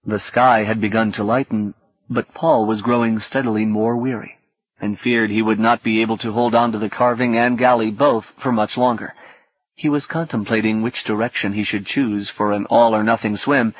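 A man narrating an audiobook in a calm, steady reading manner. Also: on the low side, normal speed, dry recording. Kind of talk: scripted narration. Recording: dull, dry cassette audiobook.

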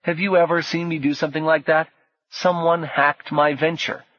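A man's voice: fairly high pitch, level tone, moderate pace, no echo, muffled recording, pitched above the performer's own voice, lightly acted. A man voicing an upset teenage boy who speaks urgently and insistently.

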